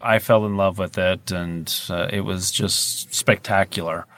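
A man's voice: low-pitched, fairly even intonation, unhurried, fairly bright tone. A man, a young adult voice actor, answering interview questions in easygoing, rambling casual chat and laughing often. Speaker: voice actor guest. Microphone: studio microphone.

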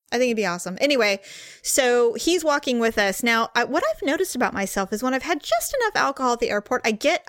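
A woman with a somewhat high voice tells a rambling travel anecdote in casual conversation, laughing as she goes. The sound is dry and close, with almost no room around her. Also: no echo. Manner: chatty, animated storytelling with laughs. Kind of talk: casual storytelling chat.

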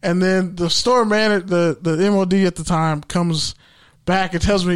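A man's voice: high-pitched, moderate pace, smooth. A young man telling a story in a casual, profane way, acting out what people said. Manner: profane, animated storytelling with acted-out quotes. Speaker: podcast host.

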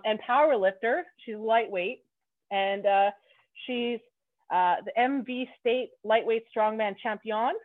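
A woman's voice: fairly high pitch, dry recording. Bubbly woman podcast host. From Canada. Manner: bubbly, playful, laughs often. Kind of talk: casual podcast interview. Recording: tinny phone-like line.

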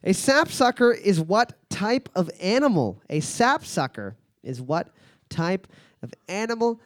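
A man's voice: high voice, sing-song, unhurried, no echo. A man in his thirties hosting a casual trivia quiz, reading questions twice and swearing freely between laughs. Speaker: quiz host.

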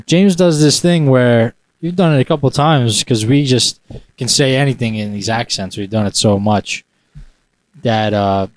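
A man's voice: medium pitch, unhurried, slight background noise. Laughing man egging on his brothers. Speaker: podcast co-host. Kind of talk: casual banter with brothers.

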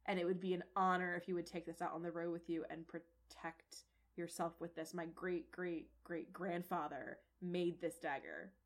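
Woman as earnest, stammering hunter father, modest and a bit low. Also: steady tone, moderate pace, lightly acted. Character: kind, humble middle-aged father, a hunter.

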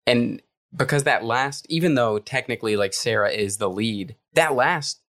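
A man's voice: mid-range voice, normal speed, dry recording, clean studio sound. Laid-back podcast co-host man. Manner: relaxed, filler-heavy, agreeable. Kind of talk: casual movie podcast chat.

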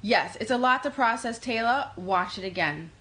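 A woman from New York with a New York accent, hosting a casual tarot livestream and answering comments in a quick, energetic way. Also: on the high side, poor audio. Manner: fast-talking, energetic, reads comments aloud. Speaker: livestream host doing tarot readings.

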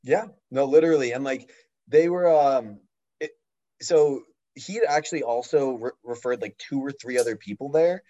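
A man's voice: mid-range voice, normal speed, warm tone. Guy in his 20s chatting on a podcast, lots of likes and restarts, kinda dull lo-fi audio. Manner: rambling, lots of fillers and restarts. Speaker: podcast co-host. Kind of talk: casual chat.

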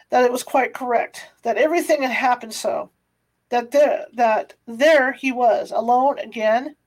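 A woman reading a classic novel aloud, unhurried, with small stumbles and restarts. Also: a little high, a little mellow, low-quality recording. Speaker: reader.

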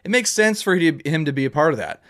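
A man hosting a casual sports chat, ranting in an animated, joking way. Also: a little high, fast talker. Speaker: podcast host.

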